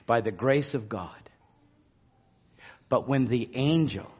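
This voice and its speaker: A man preaching a sermon, repeating phrases and swinging from hushed tones to shouts. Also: medium pitch, takes it slowly, long pauses, breathy edge, highs cut off.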